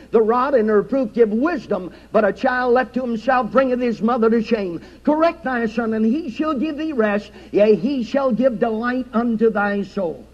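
A man preaches from the pulpit with a strikingly high voice and an emphatic, rhythmic cadence as he recites scripture. The recording is dull and lo-fi, with a muffled top end. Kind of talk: sermon. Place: church sanctuary.

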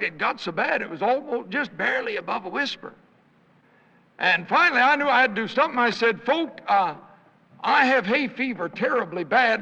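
An older man with a hoarse voice, a traveling evangelist telling folksy stories in a sermon and acting out the people he quotes. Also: high voice, pushed and bright. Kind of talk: anecdotal sermon storytelling with jokes. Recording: reverberant hall, dull lo-fi sound.

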